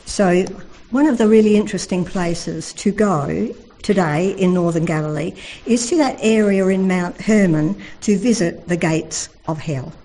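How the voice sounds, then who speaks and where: A woman giving a devotional Bible talk, telling the stories earnestly and slowing down for emphasis. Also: on the low side, dark tone, poor audio. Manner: earnest storytelling, slows for emphasis. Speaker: Bible teacher.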